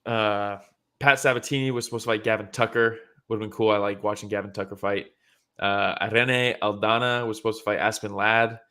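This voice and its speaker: A man co-hosting a relaxed podcast about fights. He talks excitedly, laughs a lot and acts out what the fighters said. He swears casually as he breaks down each moment. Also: fairly low pitch, a little fast, clear, resonant tone. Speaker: podcast co-host.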